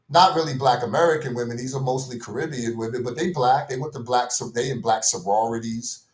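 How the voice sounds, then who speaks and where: A man's voice: medium pitch, expressive, a little fast, hardly any pauses, echoey room. A man ranting casually in slang, repeating himself and tossing in "man" and "bro" as he vents his exasperation. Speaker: commentary vlogger. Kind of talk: casual rant.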